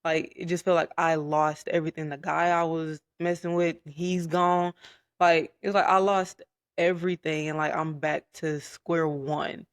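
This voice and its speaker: A young man telling his personal story in a casual podcast chat, candid and soft-spoken, with frequent fillers. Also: on the high side, level tone, moderate pace, smooth, no room sound, clean studio sound. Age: young adult. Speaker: podcast guest.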